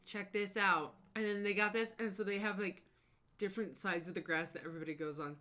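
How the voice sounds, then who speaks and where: A young woman streamer chatting casually over her travel photos, bubbly and gushing, breaking into excited squeals. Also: medium pitch, fairly quick.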